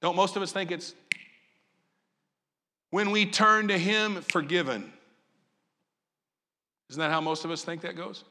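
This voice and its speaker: A man's voice: sits high, unhurried, long pauses. A man from Southern Illinois preaching a sermon as pastor, asking his congregation question after question. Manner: animated, asks the congregation questions.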